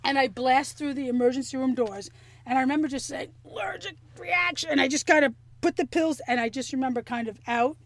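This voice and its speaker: A woman telling a story in casual chat, animated and profane, acting out the things people said. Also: sits high, fast, no echo. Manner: animated, profane, acts out quotes.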